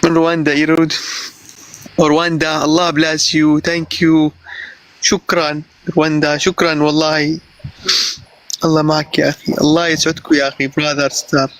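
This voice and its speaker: A man's voice: on the high side, level tone, fairly quick, a bit bright, no room sound, rough recording. A man from Gaza with a Palestinian Arabic accent, pleading for help in broken English, talking over a phone on a live video call. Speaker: guest on a live stream asking for help. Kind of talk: pleading live-stream chat.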